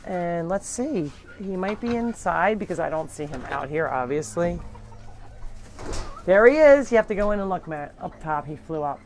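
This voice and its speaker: A woman's voice: fairly low pitch, normal speed, few pauses, slight background noise. A woman hosting a live farm sanctuary tour. She talks to viewers in a chatty, rambling way as she walks outdoors between the pens, recorded on a handheld mic. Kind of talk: casual live-stream tour narration.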